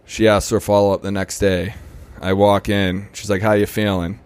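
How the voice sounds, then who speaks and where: A young man tells his story in a low, smooth, resonant voice. He talks casually, leaning on "you know" and "right?" as he goes. The sound is close and dry. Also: flat delivery, normal speed, a little mellow, no echo. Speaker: podcast guest.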